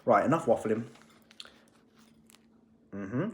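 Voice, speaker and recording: A man's voice: fairly low pitch, animated, takes it slowly, a bit bright, echoey room, a little hiss or hum. A man, rambling and swearing cheekily in a casual vlog from his home kitchen. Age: 20s. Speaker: fitness vlogger.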